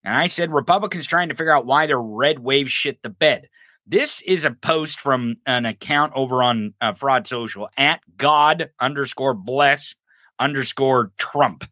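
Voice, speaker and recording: A man hosting a podcast, giving profane, mocking political commentary in an animated way. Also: mid-range voice, unhurried, dry recording, clean studio sound. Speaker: podcast host.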